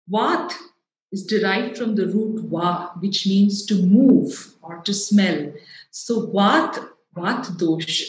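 A woman with a South Indian English accent, giving a public talk in an earnest, explanatory way. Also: medium pitch. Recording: echoey hall.

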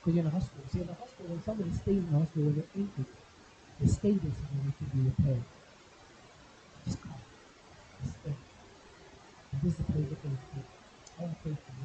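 A man's voice: on the high side, fast talker, long pauses, highs cut off, background noise. A man preaching as an evangelist in church, praying fervently with repeated pleas. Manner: fervent, repetitive pleading prayer. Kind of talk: sermon with prayer and tongues. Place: church hall.

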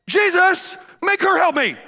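Frantic fussing woman host acted by a man preacher: shrill and hurried, voice pushed high and bright. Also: sing-song, exaggerated voice. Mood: pleading. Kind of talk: sermon.

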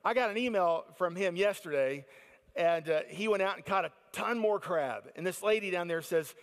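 A middle-aged American man telling a lively story at a faith conference, acting out the excited voices of the people in it. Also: high-pitched, normal speed, long reverb tail. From United States. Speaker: conference speaker. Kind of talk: storytelling sermon.

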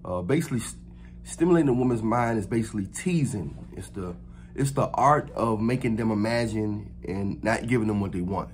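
A man's voice: fairly low pitch, expressive, brisk, a little hiss or hum. A man talking to camera in a casual, unscripted advice vlog. He rambles loosely, with many fillers, restarts and slangy phrasing. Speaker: vlogger giving dating advice.

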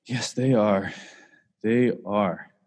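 A man hosting a podcast, relaxed and encouraging, with many hesitant fillers. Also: fairly low pitch, extremely slow, big-room sound. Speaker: podcast host. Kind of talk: casual interview chat.

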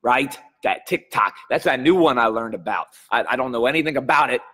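A man's voice: mid-range voice, fairly quick, sharp tone, slightly rough, in a large hall. A man hosting a live stream as a coach, chatting energetically and greeting viewers by name while a little under the weather.

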